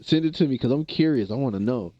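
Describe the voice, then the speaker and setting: A man's voice: medium pitch, animated, fast talker, no room sound, highs cut off, soft background music. A man from the American Midwest chatting casually with viewers on a livestream, laid-back and rambling, often repeating himself. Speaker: streamer.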